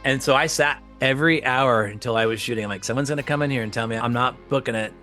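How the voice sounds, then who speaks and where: A man's voice: fast talker, faint music behind. A man, an actor and comedian, telling a story casually and acting out the quotes with big jumps in his voice. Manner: animated, acts out quotes with big pitch jumps.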